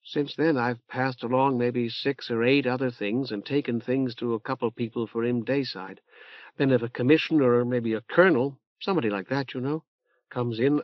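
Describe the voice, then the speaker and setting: A man's voice: medium pitch, no echo, close to an everyday voice. A man voicing a streetwise young woman who talks in a casual, confiding, slangy way. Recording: dull dry tape transfer.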